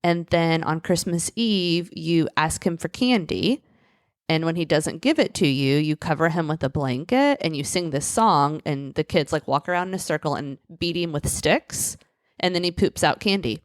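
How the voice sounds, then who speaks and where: A woman in her thirties, co-hosting a podcast, telling a family holiday story in a relaxed, chatty way. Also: low voice, moderate pace, no room sound, studio quality. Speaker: podcast co-host. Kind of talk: casual chat.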